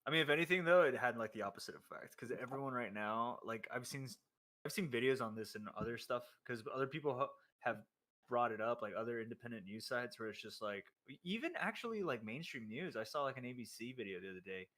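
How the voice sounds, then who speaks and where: A man's voice: medium pitch, expressive, fast talker, a bit bright. A man co-hosting a podcast, talking casually and loosely, with lots of "like" fillers as he recounts what he has seen. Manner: loose, filler-heavy storytelling with "like". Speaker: podcast co-host.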